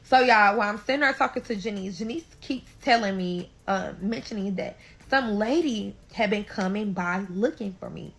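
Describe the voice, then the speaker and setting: Bright-voiced St. woman telling a story. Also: medium pitch, normal speed, vocal fry, hardly any pauses, low-quality recording. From St. Louis, USA. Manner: animated, keeps calling out to listeners, swears freely. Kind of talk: storytime vlog.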